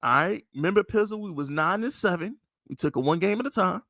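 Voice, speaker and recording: A man's voice: high voice, expressive, fast talker, hardly any pauses, a bit bright, no room sound, studio quality. A man with a New York accent, hosting a casual sports podcast and venting in a heated, profane, emphatic way. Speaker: podcast host.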